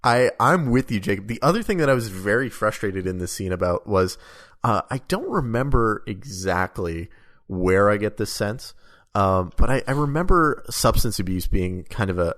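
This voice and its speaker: A man's voice: fairly low pitch, lively intonation, normal speed, a bit bright. A man talking casually about a video game on a podcast, rambling and hesitant with many ums. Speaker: podcast co-host or guest.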